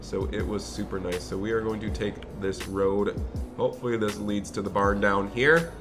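A man's voice: fairly low pitch, fairly even intonation, normal speed, music in the background. A man hosting a game role-play video, chatting upbeat and directly to his viewers. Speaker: gaming channel host.

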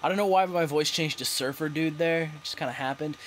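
A man giving casual, playful gameplay commentary, reading game text aloud and getting excitable. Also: on the high side, brisk, soft background music. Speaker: let's play host.

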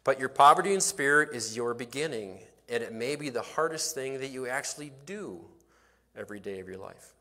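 Pastor, male, mid-pitched, dramatic storyteller who goes quiet on key words, church sermon delivery. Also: lively intonation, a little fast. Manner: storytelling preacher, rising and dropping to near quiet for emphasis. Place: church sanctuary.

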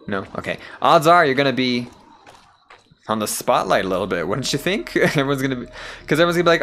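A man's voice: medium pitch, big pitch swings, fast talker, a bit bright, slight background noise. A young man giving profane, sarcastic let's-play commentary while gaming. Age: young adult. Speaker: gamer.

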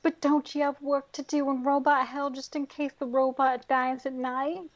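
A lovestruck young starship captain delivering her lines with slow, mock-sincere tenderness, as a woman reads her. The voice rises a little above the reader's own and sounds somewhat muffled. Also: high voice, little pitch movement, voice pushed up, lightly acted. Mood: mock-tender.

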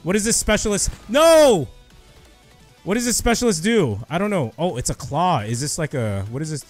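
A young man giving excited live commentary over his own gameplay, shouting and cheering when he gets kills. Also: on the high side, fast, faint music behind. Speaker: gaming youtuber.

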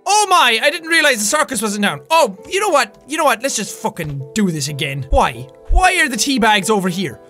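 An Irish man in his twenties doing loud, frantic gameplay commentary, swearing and yelling at the game. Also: very high voice, big pitch swings, brisk, hardly any pauses, soft background music. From Ireland. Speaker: gaming YouTuber.

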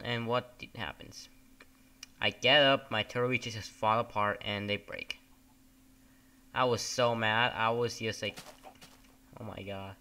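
A man's voice: lowish voice, bright, forceful tone, slight background noise. A man giving casual gameplay commentary, rambling, swearing often and getting easily annoyed. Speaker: gamer.

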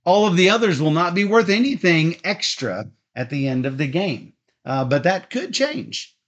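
A man's voice: high voice, normal speed. A man explaining the rules of a board game step by step, in a methodical way with frequent ums and uhs. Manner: steady, methodical, frequent fillers.

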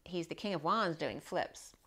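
Low-voiced woman giving a rambling tarot reading. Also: measured pace, fairly bright tone, breathy edge. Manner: rambling, repeats herself, frequent "right?" check-ins. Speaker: tarot reader. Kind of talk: casual spiritual tarot reading.

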